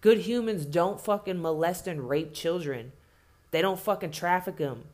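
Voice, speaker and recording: A woman's voice: lowish voice, normal speed, a little mellow. A woman delivering an impassioned spoken rant, blunt and heavily profane, hammering points home by repeating herself.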